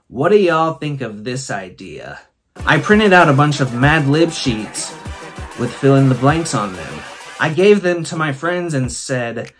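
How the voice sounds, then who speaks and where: A man's voice: mid-range voice, very animated, unhurried, soft background music. A male host giving a laid-back comedic monologue and reading silly fill-in-the-blank stories aloud. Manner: joking, laid-back storytelling; reads mad-lib stories aloud. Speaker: podcast host.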